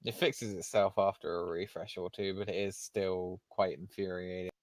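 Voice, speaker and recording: Low-voiced man, halting, bone-dry sound. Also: level tone, no room sound. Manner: halting, with restarts and fillers. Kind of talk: casual chat.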